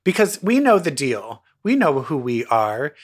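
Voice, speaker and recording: A man's voice: mid-range voice, sing-song, a little slow. A man in his forties co-hosting a podcast, chatting casually with rambling, crude jokes that trail off into laughter. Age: 40s. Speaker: podcast co-host. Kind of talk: casual chat.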